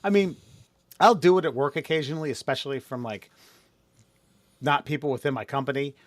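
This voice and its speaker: Male podcast co-host, casual and profane, animated delivery, dry room. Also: brisk, dry recording. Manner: profane, mocking, mimics people in high voices. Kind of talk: casual chat.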